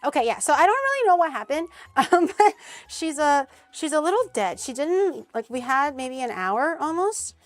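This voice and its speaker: This young Canadian streamer, hosting a cooking collab, talks animatedly as she cooks, laughing frequently and cursing casually. She has a high voice with big pitch swings, normal speed and a dry recording.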